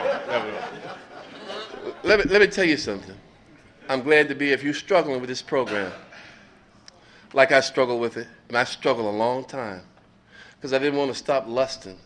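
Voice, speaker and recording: A middle-aged man giving a blunt, profane, animated speaker share at a recovery meeting, laughing between lines. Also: mid-range voice. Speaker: recovering addict sharing at a meeting.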